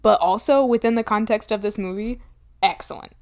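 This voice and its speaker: A woman's voice: mid-range voice, steady tone, brisk, a little mellow. A woman co-hosting a podcast, chatting playfully about a favorite film and laughing often. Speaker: podcast co-host. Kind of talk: casual film chat.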